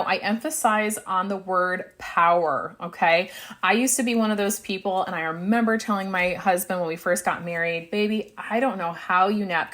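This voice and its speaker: A woman's voice: mid-range voice, a bit bright. A woman hosting a solo podcast, giving tips in a chatty way, speaking straight to her listeners and often checking in with "right?". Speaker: podcast host.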